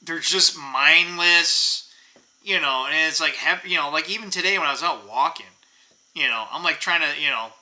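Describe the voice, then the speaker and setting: Bright-voiced man ranting casually. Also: on the high side, normal speed, rough recording. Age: middle-aged. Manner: rambling, profane, frequent fillers. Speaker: channel host. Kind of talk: casual rant to camera.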